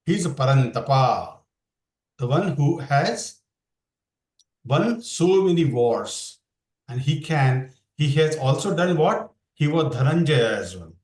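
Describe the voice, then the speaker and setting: A man's voice: a little high, animated, slow pace, darkish tone, roomy sound, rough recording. A man teaching a scripture class online, explaining verses and asking his students questions. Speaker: Bhakti yoga teacher.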